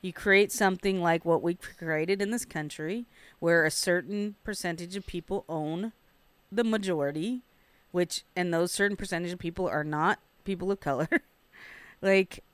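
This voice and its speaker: Blunt woman with a smooth voice. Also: fairly low pitch, normal speed, no room sound. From Portland, Oregon area. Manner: blunt, fired-up, profane. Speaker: panelist. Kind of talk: casual panel discussion.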